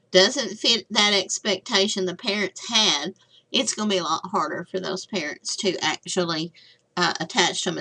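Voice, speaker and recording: A woman's voice: mid-range voice, bright, forceful tone. Chatty older woman lecturing. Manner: chatty, folksy asides. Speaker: nursing instructor. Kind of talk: recorded slide lecture.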